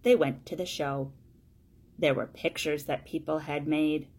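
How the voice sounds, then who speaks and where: A woman reading a children's storybook aloud in a plain, steady way, one sentence at a time. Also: low-pitched, measured pace. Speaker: storybook reader.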